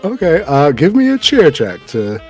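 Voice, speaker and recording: A man's voice: a little high, huge pitch swings, moderate pace, a little mellow, soft background music. Casual man running a tabletop game. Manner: casual, filler-heavy narration. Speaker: game master.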